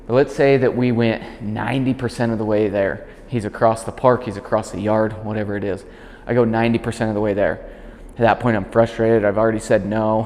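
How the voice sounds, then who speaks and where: A man working as a dog trainer, calmly explaining a demonstration and switching to short, clear commands for the puppy. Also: on the low side, long reverb tail. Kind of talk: instructional demonstration.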